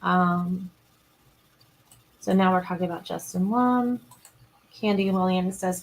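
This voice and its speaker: A woman's voice: medium pitch, unhurried, a little hiss or hum, rough recording. A woman hosting a casual true crime livestream, recapping scenes and reading viewer comments aloud in a chatty way, with frequent ums and restarts. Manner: chatty, retells scenes, greets and answers viewers.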